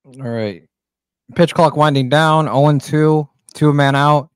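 Excitable young guy calling a live game. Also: on the high side, a little slow, clean tone, no room sound, clean studio sound. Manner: excitable, jokey, swears, shouts on big plays. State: out of breath. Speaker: play-by-play streamer. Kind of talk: live amateur play-by-play commentary.

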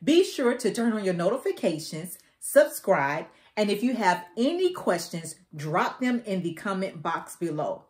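Her medium-pitched voice is very animated and a little slow, with hardly any pauses. Hosting a Christian finance channel, she talks to viewers in a warm, folksy, preacherly way, leading them through scripture and earnest prayer as casual faith-based teaching.

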